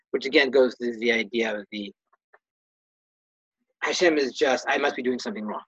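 In a lo-fi recording with no echo, a man with a mid-range, fairly bright, slightly rough voice speaks at a moderate pace with long pauses. Leading a Torah study lesson, he reads Hebrew and Aramaic phrases aloud and translates each plainly, casually correcting himself.

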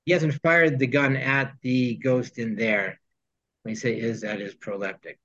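A man's voice: medium pitch, steady tone, unhurried, fairly bright tone. A man teaching a text study class, reading Hebrew phrases and explaining them in English with joking asides. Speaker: Torah teacher. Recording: dull lo-fi sound.

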